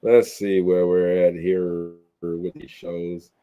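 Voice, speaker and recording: Male telethon stream host, low-pitched, easygoing and jokey, talking over a video call. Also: level tone, slow, highs cut off. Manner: laid-back, joking, slangy. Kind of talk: casual banter on a livestream.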